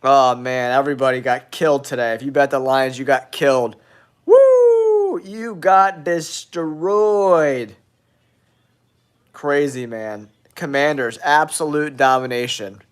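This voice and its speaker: A man's voice: mid-range voice, fairly even intonation, moderate pace, few pauses, clear, resonant tone. A man hosting a live sports stream with a stuffy, nasal voice from a cold, exclaiming and repeating himself. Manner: exclaiming, repetitive, addresses viewers as guys. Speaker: sports show host.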